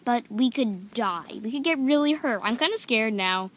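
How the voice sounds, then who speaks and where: A toy video creator voices every figure in her homemade toy story, her voice on the high side at a normal speed. She's excitable and giggly, hopping between playful character voices.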